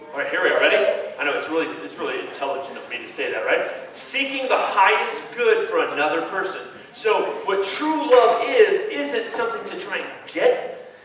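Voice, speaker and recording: A man giving an animated, joking talk to a young audience as a youth speaker, playing to the crowd. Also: high voice. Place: large hall with a live audience. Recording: echoey hall from far off with a crowd. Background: crowd of kids reacting.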